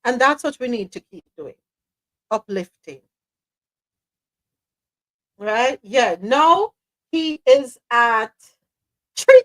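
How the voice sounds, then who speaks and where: Recorded roughly, a woman with a somewhat high voice talks slowly, leaving long pauses. She's a Jamaican live talk-show host giving casual commentary, animated and emphatic, occasionally shifting into patois.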